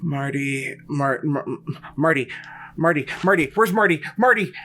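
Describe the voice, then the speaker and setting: A man's voice: a little high, sing-song, takes it slowly, faint music behind, pitched above the performer's own voice. A man voicing a dazed, panicked ghoul woman waking in a strange place. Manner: frantic, pleading.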